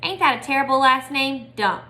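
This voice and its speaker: Folksy old Southern lady, chuckling and kindly, a notch higher and louder than plain speech, put on by a woman reading a storybook. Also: normal speed.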